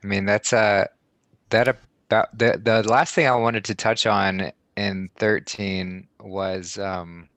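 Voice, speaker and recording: A man's voice: on the low side, fairly even intonation, slow pace, a bit bright, no room sound. A man hosting a casual Bible study, speaking hesitantly with many fillers. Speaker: study group host.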